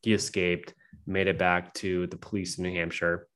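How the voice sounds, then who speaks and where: Profane, rambling low-voiced man. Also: normal speed. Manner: animated, profane, rambling with fillers. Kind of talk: casual storytelling chat.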